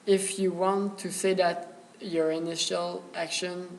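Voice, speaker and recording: A young man student presenting a grammar lesson, hesitant and pausing often on filler sounds. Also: sits high, flat delivery, creaky, a little hiss or hum, rough recording.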